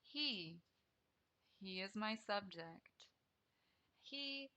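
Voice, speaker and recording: A woman English teacher explaining a grammar lesson deliberately, repeating each key term. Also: mid-range voice, animated, pushed and bright, dull audio.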